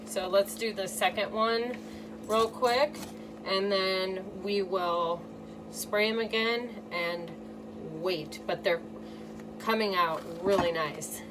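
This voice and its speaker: A woman's voice: medium pitch, takes it slowly. A woman from the Midwest with a Midwestern accent, chatting casually through a DIY restoration project and talking straight to her viewers. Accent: Midwestern American. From American Midwest. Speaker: DIY crafter. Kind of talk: casual how-to narration. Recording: distant mic with room noise.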